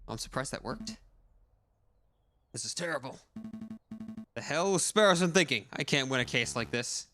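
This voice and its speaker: Crude, lively man streamer. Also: medium pitch, moderate pace, faint music behind. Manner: crude, joking. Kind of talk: game let's play, reading characters.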